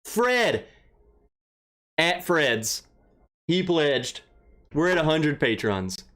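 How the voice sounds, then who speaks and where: A young man hosting a casual livestream, who rambles, greets viewers by name and gets excited and emotional. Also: fairly high pitch, drawn-out words. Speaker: livestream host. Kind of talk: casual livestream chat, reading viewer comments.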